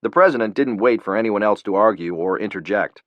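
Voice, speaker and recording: Low-voiced man narrating a thriller. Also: fairly quick, few pauses, dry recording. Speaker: audiobook narrator. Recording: dull lo-fi, dry.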